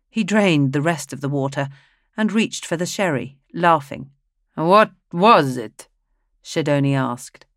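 A woman reading a dark fantasy novel aloud in a steady, even storytelling manner. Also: low voice, no room sound, clean studio sound. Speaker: audiobook narrator. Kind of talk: scripted narration.

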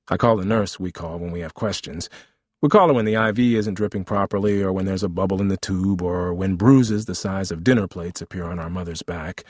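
A man's voice: deep voice, brisk, no room sound, clean studio sound. A man reading a memoir aloud as narrator, with a wry, vivid storytelling manner.

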